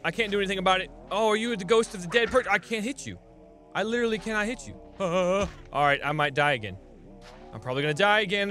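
A man's voice: high voice, quick pace, faint music behind. A young man commenting on a game as he plays it, talking to viewers and yelping and laughing at surprises. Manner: excitable, talks to viewers, yelps and laughs at surprises. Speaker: gaming channel host. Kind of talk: let's play commentary.

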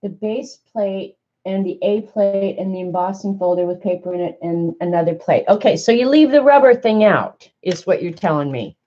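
A woman's voice: medium pitch, moderate pace, hardly any pauses, mellow, muffled recording. A woman demonstrating a die-cutting and embossing machine to viewers, chatty and flustered as she thinks aloud. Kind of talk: casual craft demonstration to viewers.

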